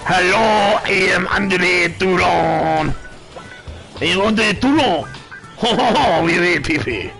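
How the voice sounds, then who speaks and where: A man's voice: sits high, expressive, takes it slowly, gravelly, music in the background, voice pushed up, heavily acted. A man mimicking someone's stiff, clumsy fake French accent in a singsong, put-on way. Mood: mocking.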